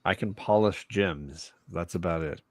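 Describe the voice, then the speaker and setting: A man's voice: low voice, unhurried, dry recording. A man playing a tabletop game, talking playfully. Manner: playful, lively. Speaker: player. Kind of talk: casual game chat.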